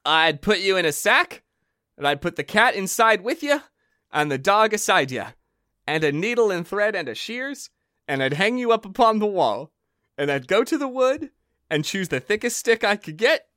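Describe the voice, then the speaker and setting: A man putting on a high, gleeful young heroine. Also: big pitch swings, normal speed, pushed and bright, no room sound, studio quality, exaggerated voice. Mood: gleeful threat. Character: clever defiant young girl heroine. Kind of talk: comic storybook read-aloud.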